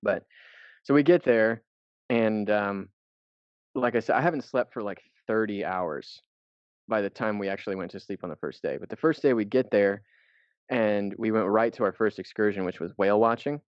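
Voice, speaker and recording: A man's voice: on the low side, normal speed, clear, resonant tone, no echo. Rambling man on a dry podcast mic. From United States. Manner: rambling, loose, swears casually. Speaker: podcast co-host. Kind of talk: casual chat, storytelling. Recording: dull, dry lo-fi podcast audio.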